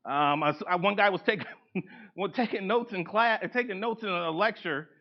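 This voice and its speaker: A man presenting a live workshop to an audience in a conference room. He is animated, acts out the people he quotes, and laughs often. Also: high-pitched, moderate pace. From United States. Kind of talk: live seminar lecture. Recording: dull lo-fi event recording.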